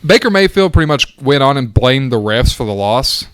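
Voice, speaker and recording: A man's voice: medium pitch, sing-song, normal speed, a bit bright, clear, resonant tone, no echo, studio quality. A young man co-hosting a casual sports podcast, earnest and argumentative, who stammers now and then. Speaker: podcast co-host.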